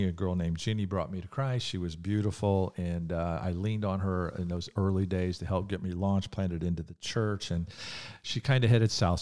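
Deep-voiced folksy older preacher. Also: male voice, a little mellow. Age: 60s or 70s. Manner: folksy, conversational storytelling. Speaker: preacher and podcaster. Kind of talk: podcast sermon.

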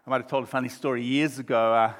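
Forceful preacher in his fifties. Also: medium pitch, quick pace. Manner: animated preaching, swinging from soft and reflective to loud emphatic exclamations. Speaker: pastor. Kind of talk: sermon.

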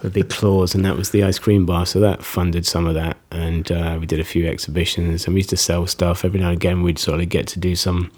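A man's voice: deep voice, little pitch movement, a little fast, few pauses, a little mellow. A man, chatting casually and telling rambling stories with frequent laughs. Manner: rambling storyteller, laughs often. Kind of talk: casual conversation.

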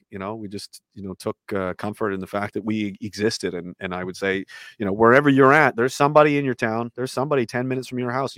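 A man's voice: on the low side, no echo. A man, a guest in a casual chat, telling stories with energy and mocking other people's words in put-on voices. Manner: animated storytelling, mocking voices in quotes.

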